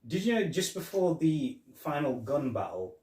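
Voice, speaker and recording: A man's voice: a little high, big pitch swings, moderate pace, darkish tone, far from the mic. A man co-hosting a casual film review podcast, eagerly sharing trivia. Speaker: podcast co-host. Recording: roomy, off-mic.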